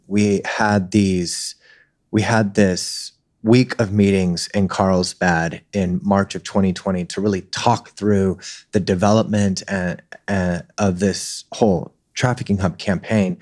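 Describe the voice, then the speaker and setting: A man's voice: sits low, a little mellow. A man hosting an interview, asking long, earnest, rambling questions. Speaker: interview host.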